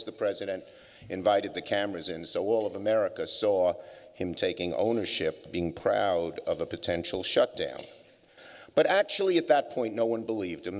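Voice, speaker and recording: A man's voice: lowish voice, darkish tone. An older man giving a public speech at a business forum, telling wry anecdotes with plenty of fillers. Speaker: keynote speaker. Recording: long hall reverb.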